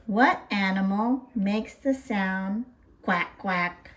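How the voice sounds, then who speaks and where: A woman's voice: medium pitch, drawn-out words, a bit bright. A woman hosting a toddler lesson, speaking in a sing-song way and imitating farm animal noises. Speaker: children's teacher.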